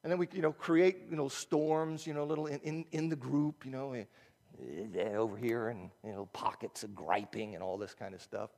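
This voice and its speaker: A man preaching a sermon in a conversational, animated way, asking rhetorical questions and breaking off mid-sentence. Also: mid-range voice, normal speed, vocal fry, big-room sound. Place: church sanctuary.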